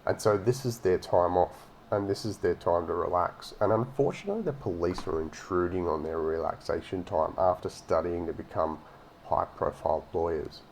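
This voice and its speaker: Gravelly low-voiced man, sarcastic commentary. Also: normal speed, darkish tone, a little hiss or hum. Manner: sarcastic, swears freely, mocking asides. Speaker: reaction commentator. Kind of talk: casual profane commentary over a video.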